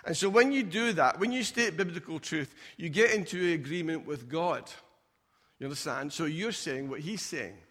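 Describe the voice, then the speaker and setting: A man's voice: on the high side, normal speed, fairly bright tone. A man preaching a sermon in a church, conversational, acting out doubters in mocking asides. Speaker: pastor. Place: church auditorium. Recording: long hall reverb.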